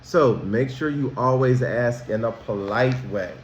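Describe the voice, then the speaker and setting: A man, a school counselor, teaching children about manners in a slow, emphatic way, asking them questions directly. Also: medium pitch, reverberant, lo-fi sound, a little hiss or hum.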